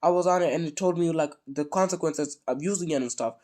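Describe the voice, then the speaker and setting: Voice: mid-range voice, fast talker, natural voice. A speaker with a cold voicing an eager, stammering teenage hero boy in a casual fan story. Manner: stammering, excited. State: sick with a cold.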